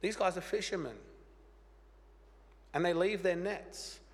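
A pastor with a croaky voice from a cold, preaching an earnest, plain-spoken sermon with light humor. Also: male voice, high voice, a little slow. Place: church. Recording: church hall reverb.

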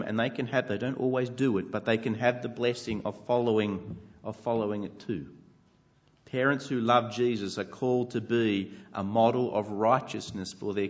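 A man's voice: medium pitch, highs cut off. A man preaching a sermon, earnest and conversational with light self-deprecating humor. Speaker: pastor.

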